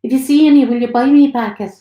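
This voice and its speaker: A woman reading aloud gives voice to a heavily pregnant young woman, worn out and craving sweets, chatty and a little plaintive. The tone is mellow and soft-edged, and the room around it adds a roomy echo to this storybook reading. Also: high-pitched, steady tone, rapid-fire, lo-fi sound, pitched above the performer's own voice, natural voice. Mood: pleading.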